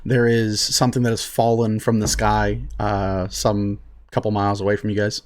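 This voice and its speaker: A man's voice: fairly low pitch, flat delivery, moderate pace, a little mellow. A man narrating as game master of a tabletop game, casual and full of fillers.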